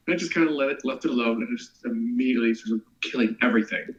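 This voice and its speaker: Young man, middle pitch, laid-back dry delivery, casual podcast chat, dull lo-fi recording. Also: very fast, a bit bright. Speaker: podcast co-host. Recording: dull lo-fi mic.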